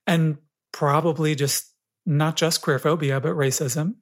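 A podcast guest giving calm, reflective advice in a thoughtful conversational way. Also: medium pitch, a little slow. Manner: calm, reflective, laughs easily.

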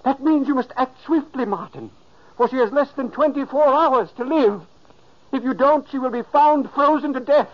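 A man's voice: very high voice, normal speed. An actor playing an elderly man's ghost who narrates solemnly and pleads urgently, in a 1940s radio drama. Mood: coaxing. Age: older. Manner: solemn, pleading, softly commanding. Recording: dull lo-fi 1940s radio recording.

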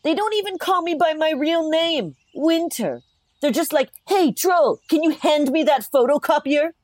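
A woman's voice: high-pitched, normal speed, darkish tone, no room sound, lightly acted. A woman voicing an easygoing, sheepish bearded troll in a comedy sketch, cheerful and giggly.

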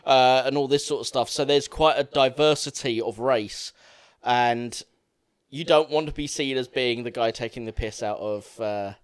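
A young man co-hosting a film podcast, talking in a rambling, halting way with many fillers. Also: mid-range voice, clean tone, dry recording, clean studio sound. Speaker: podcast co-host. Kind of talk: casual film chat.

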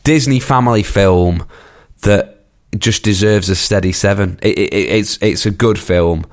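Casting: man, low voice, laid-back rambling film-chat co-host. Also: measured pace. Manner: rambling, repeats words when excited. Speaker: podcast co-host. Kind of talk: casual film review chat.

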